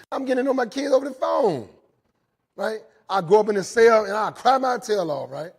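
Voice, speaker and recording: A middle-aged recovery speaker gives an earnest testimony live to inmates inside a jail, ending nearly every sentence with "right?" and repeating phrases as he tells his story. His voice sits high with lively intonation, a little fast and slightly rough.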